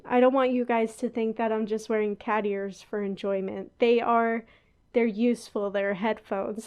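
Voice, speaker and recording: A woman's voice: on the high side, normal speed, a little mellow, clean tone. A young woman hosting a podcast in a casual, rambling chat, laughing and going off on asides. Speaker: podcast host. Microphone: headphones on, talking into a podcast mic.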